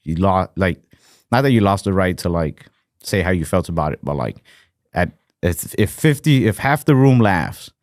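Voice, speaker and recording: A man's voice: deep voice, big pitch swings, moderate pace, dry recording, clean studio sound. A man co-hosting a podcast in casual chat, rambling and swearing, full of fillers and hesitations. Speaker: podcast co-host.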